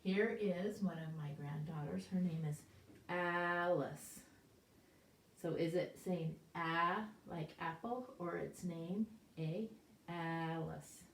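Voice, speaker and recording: Slow, patient older woman teaching phonics. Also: on the low side, steady tone, a little hiss or hum. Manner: patient, sounding out each word and asking gentle questions. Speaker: preschool teacher. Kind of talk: slow, clear phonics lesson for small children. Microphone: camera set up at a distance. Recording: roomy echo, voice from far off.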